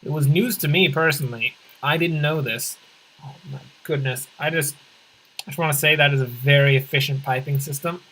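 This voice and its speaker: Let's play host, bright edgy tone, middling pitch; deadpan rambling jokester who backpedals mid-thought. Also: a little fast, rough recording. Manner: rambling deadpan absurd humor, often correcting themself; swings in pitch and pace for comic emphasis. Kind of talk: casual gameplay commentary.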